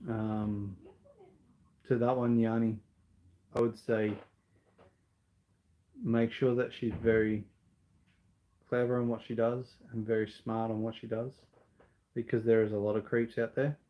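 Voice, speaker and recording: An Australian man chats through a live question-and-answer stream, earnest and a bit rambling, often pausing on an um before restarting a thought. His voice sits at an ordinary middle pitch for a man. The sound is a little dull and lo-fi. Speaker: vlogger answering viewer questions. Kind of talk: casual live Q&A chat.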